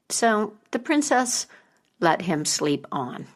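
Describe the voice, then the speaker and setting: A woman telling a folk tale as a podcast storyteller, slow and expressive. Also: fairly low pitch.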